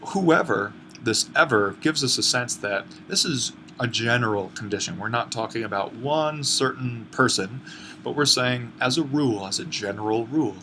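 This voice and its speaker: Man, online grammar lesson, step-by-step explaining, bright tone, faint hiss. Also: mid-range voice. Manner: explains step by step, thinking aloud with fillers and self-corrections. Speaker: Greek teacher.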